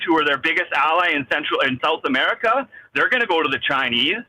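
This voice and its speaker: A man's voice: a little high, sharp tone, dry recording, rough recording. Agitated, swearing man ranting. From Canada. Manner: agitated, swearing, rambling rant with many restarts. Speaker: caller. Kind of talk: heated phone call. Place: in a vehicle driving.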